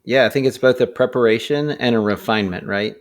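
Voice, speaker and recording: Podcast co-host guy, thinks out loud, fishes around for words. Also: mid-range voice, fast talker. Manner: thoughtful, searches for words. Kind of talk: casual faith conversation.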